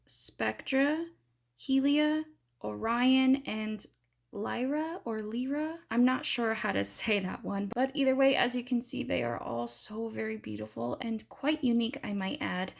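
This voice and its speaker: A woman's voice: fairly high pitch, vocal fry. A woman giving a chatty, enthusiastic beauty product review in a casual vlog. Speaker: beauty vlogger.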